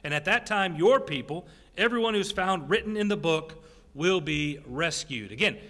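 A man pastor preaching a sermon in a church, animated and jokey, with quick asides to the congregation. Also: fairly high pitch. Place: church sanctuary. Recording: long church hall reverb.

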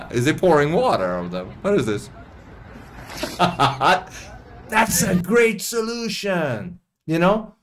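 A man's voice: on the high side, sing-song, slow pace, fairly bright tone, a little hiss or hum. A man hosting a reaction video, commenting casually in a profane, mocking way and laughing often.

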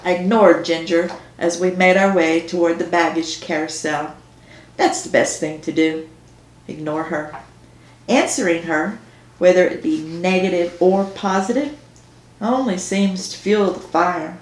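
A woman author reading her own novel aloud in first person, slow and measured. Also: lowish voice. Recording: echoey room.

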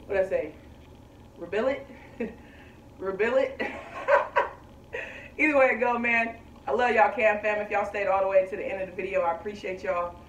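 A man's voice: high-pitched, a bit bright, muffled recording, a little hiss or hum. A man hosting a reaction video, talking in a casual, slangy way and hyping up his viewers. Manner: laid-back slangy, hypes up viewers. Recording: roomy echo, distant from mic.

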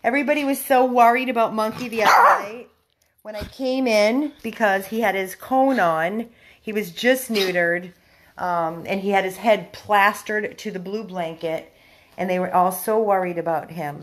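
A woman volunteering at a dog rescue, giving a casual video update to followers and slipping into high baby talk with a dog. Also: normal speed, background noise.

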